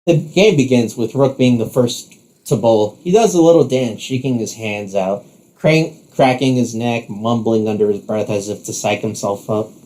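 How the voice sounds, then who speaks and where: Male narrator for second-person story, steady, warm mellow tone. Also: medium pitch, moderate pace.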